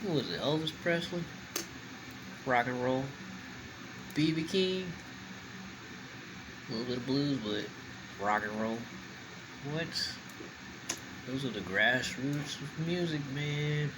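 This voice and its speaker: A mukbang vlogger, a man with a mid-range, expressive voice, chats casually on camera while eating slowly and talking with his mouth full. There is noise in the background.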